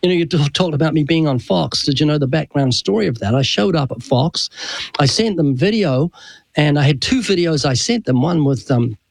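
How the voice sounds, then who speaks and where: A man's voice: a little high, expressive, normal speed, gravelly, no room sound. Earnest male author guest, dry sound. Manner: earnest storytelling, acts out quoted voices. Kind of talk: conversational radio interview.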